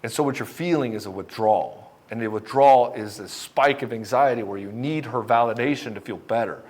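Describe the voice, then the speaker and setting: A man's voice: medium pitch, a little fast, darkish tone. A middle-aged man coaching divorced men, speaking bluntly and passionately with frequent swearing, sometimes acting out both sides of a conversation. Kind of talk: direct-to-camera motivational talk.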